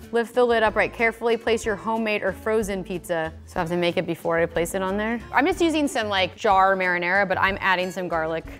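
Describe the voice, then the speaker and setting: A woman producer reviewing a kitchen gadget in a casual vlog, chatty and playful, thinking aloud with lots of "like"s. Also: medium pitch. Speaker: food video producer testing a kitchen gadget.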